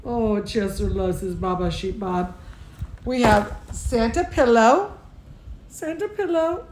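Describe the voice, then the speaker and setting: A woman's voice: mid-range voice, expressive, slow pace, noisy background. A woman teacher hosting a live bedtime story from her bed at home, chatting in a doting sing-song way to her pet and to the children watching. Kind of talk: casual live-stream chat.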